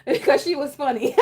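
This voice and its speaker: A woman vlogging casually to her viewers, expressive and exclaiming, who keeps breaking into laughter. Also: high voice. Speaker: planner vlogger. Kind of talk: casual chat to camera.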